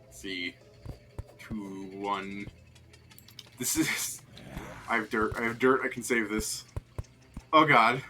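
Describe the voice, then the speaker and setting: A man chatting casually while streaming a video game, jokey and excitable, laughing often. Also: lowish voice, slow pace, long pauses, a little hiss or hum. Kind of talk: casual gameplay chat.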